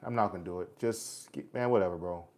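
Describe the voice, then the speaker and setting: A man's voice: low-pitched, fast, darkish tone. A man in his forties hosting a casual live chat. He answers viewers' comments bluntly and preaches at them, calling them "bro" and "man" in American street talk. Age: 40s. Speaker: livestream host.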